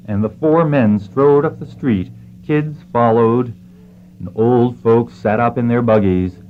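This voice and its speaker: A man reading a scripted western story in a measured storytelling manner. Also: on the low side, a little hiss or hum. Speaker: narrator. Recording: muffled lo-fi with faint music.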